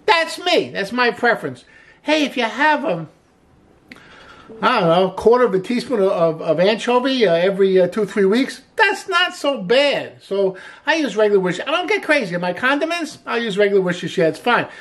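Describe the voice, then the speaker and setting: This cooking show host is an upbeat, chatty male chef with a lively pitch, talking a little fast. He peppers his casual cooking demonstration with frequent cries of "hey" and "woo."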